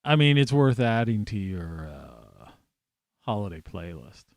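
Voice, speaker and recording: A man hosting a solo talk show, hoarse today, rambling with many fillers and restarts. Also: on the low side, sing-song, unhurried, a loud crowd. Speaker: podcast host. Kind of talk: solo monologue.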